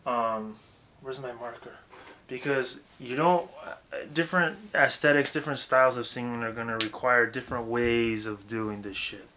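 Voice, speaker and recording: A young man giving a casual, profane, rambling lesson on vocal technique, breaking into loud demonstrations. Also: medium pitch, fairly even intonation, moderate pace, a little hiss or hum. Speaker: vocal coach.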